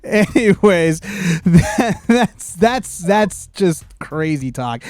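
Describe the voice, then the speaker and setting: A man hosting a casual news chat, rambling and excitable, with many restarts. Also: fairly high pitch, unhurried, dry recording. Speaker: podcast host.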